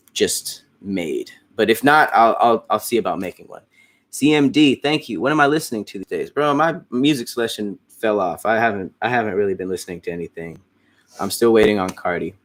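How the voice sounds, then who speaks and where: A man's voice: fairly low pitch, moderate pace. A man hosting a casual stream, chatting with his fans in a loose, rambling way, with frequent restarts and casual swearing. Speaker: host. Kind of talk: casual livestream chat answering fans.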